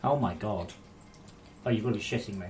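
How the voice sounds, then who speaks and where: A woman's voice: a bass voice, darkish tone, a little hiss or hum. A woman game developer on a casual live stream, reading viewer messages aloud and ranting with lots of swearing. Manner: profane, ranting, quick to anger.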